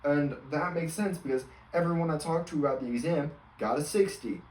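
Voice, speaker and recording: A man's voice: fairly high pitch, fairly quick, darkish tone, echoey room, distant mic, rough recording. A man in his twenties, a college student, rambling through an exasperated story with lots of fillers. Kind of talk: casual storytelling rant.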